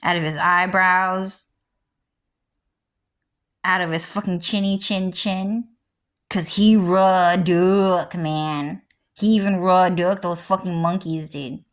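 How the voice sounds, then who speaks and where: A woman vlogger ranting in a rambling, heavily profane way, jumping from loud outbursts to low mutters. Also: fairly even intonation, slow pace, long pauses. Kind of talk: rambling livestream rant.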